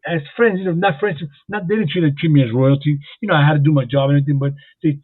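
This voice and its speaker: Husky jersey city guy rattling off a story real fast, repeats himself a lot, dry phone-ish audio. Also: fairly high pitch, dry recording. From Jersey City, New Jersey. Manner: rambling, repeats words, excitable. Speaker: guest, former boxing champion and police officer. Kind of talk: casual storytelling. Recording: tinny phone-like line, dry.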